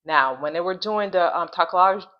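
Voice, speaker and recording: A channel host rambles through her casual commentary vlog, repeating phrases, restarting sentences, and slowing down to spell out difficult words. Her voice is low-pitched, and the recording sounds muffled.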